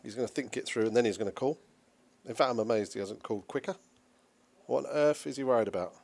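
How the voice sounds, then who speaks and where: A gravelly man calling poker hands play by play. His voice sits at a middle pitch with a rough edge, and he talks in a dry, measured way. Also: a little mellow. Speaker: poker commentator. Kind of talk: play-by-play commentary.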